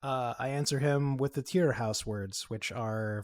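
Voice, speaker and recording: A man's voice: mid-range voice, measured pace. A man playing a tabletop game, speaking in character with formal, lofty phrasing and small stumbles. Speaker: player. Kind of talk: in-character tabletop role-play.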